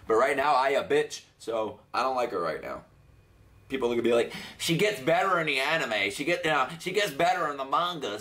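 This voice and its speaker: Excitable, foul-mouthed young man reacting. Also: on the low side. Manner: excitable, profane, laughs often. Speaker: anime reaction host. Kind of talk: live reaction commentary.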